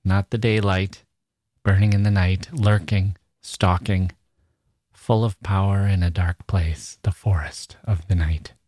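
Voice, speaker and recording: Lively low-voiced man discussing poetry. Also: unhurried, dry recording, studio quality. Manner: enthusiastic, emphatic, reads aloud with relish. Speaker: podcast host. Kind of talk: literary podcast talk with dramatic readings.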